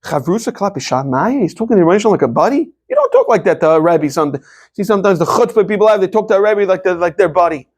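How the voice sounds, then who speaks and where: A high-pitched American man teaching a Talmud lesson. He draws out the source phrases slowly, then hurries through his explanation in a casual classroom tone, stumbling over repeated words as he goes. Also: big pitch swings, a little mellow, slightly rough. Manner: reads Aramaic phrases slowly then explains quickly in English, with repeated restarts. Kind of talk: daf yomi Gemara class.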